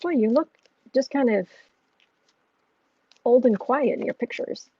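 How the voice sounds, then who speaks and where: A woman with a husky, breathy voice muses through an astrology and tarot reading on a casual livestream. The sound is close and dry, with a dull, lo-fi edge to the stream audio. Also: on the high side, a little slow, dark tone, no room sound. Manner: musing, thinking aloud.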